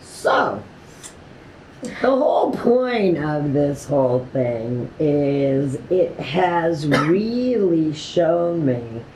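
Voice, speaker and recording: A woman casually telling a personal story, quoting others with animated voices and laughing often, with many "like" fillers. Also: deep voice, drawn-out words, echoey room, background noise. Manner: animated retelling with quoted dialogue and laughter; frequent "like" fillers.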